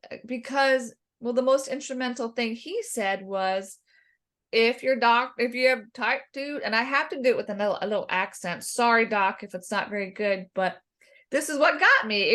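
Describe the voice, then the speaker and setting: Animated middle-aged woman telling her story. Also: fairly high pitch. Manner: animated, self-deprecating, acts out quotes. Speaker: guest dietitian. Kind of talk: podcast interview storytelling.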